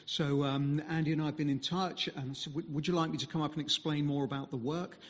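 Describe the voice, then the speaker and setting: A man speaking as a visiting mission speaker, giving a conversational sermon full of pauses and fillers. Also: a little high, fairly even intonation, in a large hall. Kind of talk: sermon talk.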